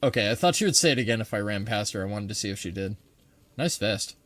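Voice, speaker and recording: A man's voice: on the low side, lively intonation, quick pace, fairly bright tone. A man giving casual, joking let's-play commentary, swearing freely and reading in-game text aloud. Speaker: gaming video creator.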